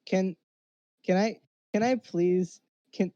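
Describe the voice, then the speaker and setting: A woman's voice: medium pitch, slow, warm tone, no echo, highs cut off. A woman playing a tabletop game, teasing and giggly as she talks in and out of character. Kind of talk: casual role-play.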